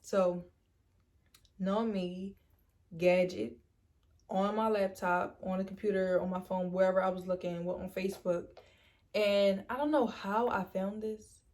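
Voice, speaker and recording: A young woman telling a storytime vlog in a chatty, animated way, acting out quoted lines and leaning on "like" and "literally". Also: medium pitch, unhurried. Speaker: storytime vlogger. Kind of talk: casual storytime.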